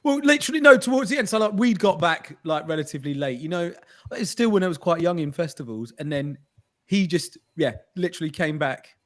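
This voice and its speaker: A man's voice: a little high, expressive, fairly quick. A man co-hosting a podcast, telling a funny story in casual chat and laughing through it. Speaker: podcast co-host.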